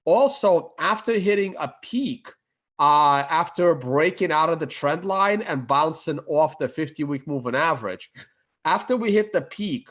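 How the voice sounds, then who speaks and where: Male chart commentator, higher voice, casual and halting, a bit croaky. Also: a bit bright. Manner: halting, many fillers and self-corrections. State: losing his voice, clearing his throat. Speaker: crypto chart analyst.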